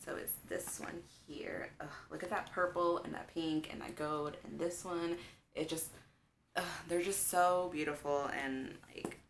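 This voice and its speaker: Low-voiced young woman gushing about makeup. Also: steady tone, a little slow, slight background noise. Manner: chatty and gushing, with many fillers like "um" and "like". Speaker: beauty vlogger. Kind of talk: casual makeup tutorial chat.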